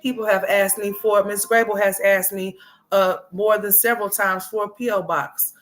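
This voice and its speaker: A woman's voice: mid-range voice, fairly even intonation, moderate pace. A woman hosting a casual livestream commentary, blunt and profane, scolding her subject and greeting chat viewers by name. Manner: talks to viewers as y'all.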